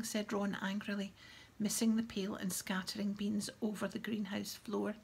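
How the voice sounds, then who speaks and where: Husky, breathy woman reading a novel. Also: medium pitch, level tone, moderate pace. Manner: soft, half-whispered reading. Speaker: audiobook reader.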